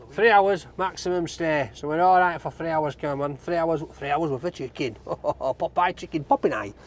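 A chatty, jokey Yorkshire man, a food vlog host, talks casually from inside a moving car. His voice sits a little high for a man. Faint traffic noise hums behind him. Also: moderate pace. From Barnsley, England. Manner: chatty, jokey, banter with cameraman. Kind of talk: casual vlog chat while driving. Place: inside a car driving through town.

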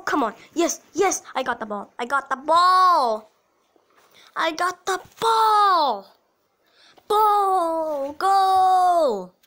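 A woman giving casual commentary on her own mobile soccer game, talking to herself and cheering loudly when she scores. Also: high-pitched. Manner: excitable, talks to herself while playing, cheers at goals.

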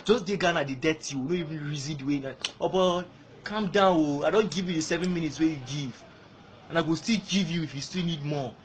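A man's voice: on the high side, a little fast, slight background noise. A man from Nigeria with a Nigerian accent, ranting angrily in a video message, throwing insults and repeating himself while switching between Pidgin and English. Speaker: fan.

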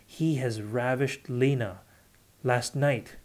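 A man's voice: medium pitch, takes it slowly, a little mellow, close to an everyday voice. A man reading a fierce, raging young man. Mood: hissing. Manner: fierce, bitter. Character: young man, powerful, consumed by rage.

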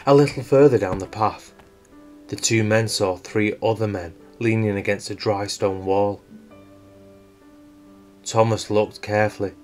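A man with a fairly low voice reads a true-crime story in a measured, suspenseful way. Soft guitar music plays quietly behind him. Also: fairly even intonation. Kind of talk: scripted true-crime narration. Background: faint guitar music.

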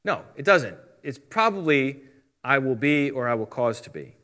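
Bright-voiced man teaching Bible conversationally. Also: mid-range voice, lively intonation, normal speed. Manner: conversational, explains step by step, reads out translations. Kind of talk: casual teaching talk.

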